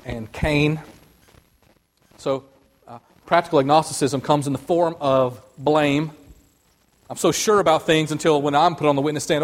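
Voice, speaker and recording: Animated preaching man, slightly high voice. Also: moderate pace, pauses often. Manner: animated, acts out voices of biblical figures. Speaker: pastor. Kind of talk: sermon.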